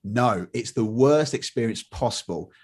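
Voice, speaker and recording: A man's voice: medium pitch, lively intonation, unhurried, husky. A middle-aged man, a motivational speaker telling stories in an interview and acting out the dialogue in different voices. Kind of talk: conversational storytelling.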